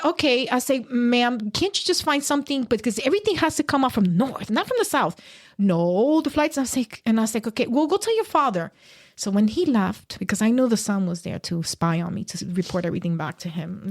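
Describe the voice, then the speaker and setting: A woman's voice: a little high, fairly quick. A woman guest on a podcast telling a personal story with emotion, acting out the people she quotes. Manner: animated, acts out quoted voices.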